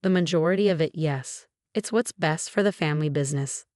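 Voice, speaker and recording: Brief: woman narrator doing a drunk, scornful father, low voice, dry read. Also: brisk, darkish tone, dry recording, natural voice. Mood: coolly dismissive. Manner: slurred, dismissive. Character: drunk, cruel middle-aged father.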